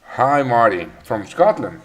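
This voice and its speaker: A man's voice: medium pitch, very animated, unhurried, a bit bright. A man hosting a live trading webinar, chatting casually, greeting viewers by name with many fillers and restarts. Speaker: trading session host.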